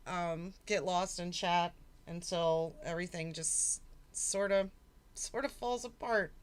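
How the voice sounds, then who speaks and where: A middle-aged woman hosting a livestream in casual chat, flustered and swearing, laughing through her setbacks. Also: medium pitch. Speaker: livestream host.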